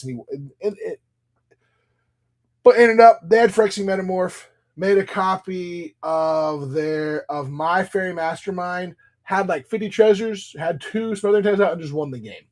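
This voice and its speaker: A man's voice: high voice, normal speed, a little mellow. Chatty man opening card packs live. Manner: chatty, rambling, greets viewers by name while reading cards. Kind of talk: casual live-stream chat.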